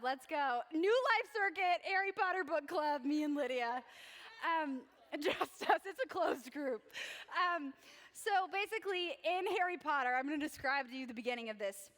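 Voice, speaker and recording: A woman's voice: high-pitched, animated, measured pace, a bit bright. A young adult woman giving a casual, bubbly sermon as a youth pastor, chatting and joking with the crowd. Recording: echoey church hall reverb.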